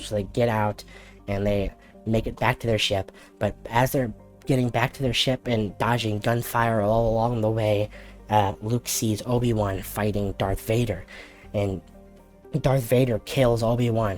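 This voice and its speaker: A man hosting a casual comedic recap. He rambles through the story with jokes and quick character voices. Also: fairly low pitch, steady tone, darkish tone, soft background music. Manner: rambling, jokey, quick impressions. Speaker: host.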